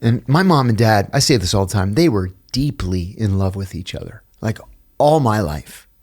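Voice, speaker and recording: Speaking at a moderate pace in a lowish voice, this middle-aged American podcast guest spins casual personal anecdotes. He performs the voices of those he quotes and laughs along at his own stories.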